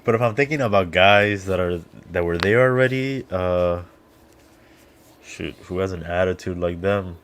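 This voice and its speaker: Deep-voiced man adding details. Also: moderate pace, a little hiss or hum. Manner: supplies facts and dates calmly. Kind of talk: casual chat.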